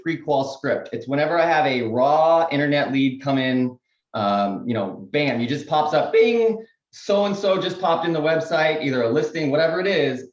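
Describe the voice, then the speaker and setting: A man, a real estate agent on a panel, giving casual sales tips and acting out phone calls in quick voices. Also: a little high, echoey room, lo-fi sound.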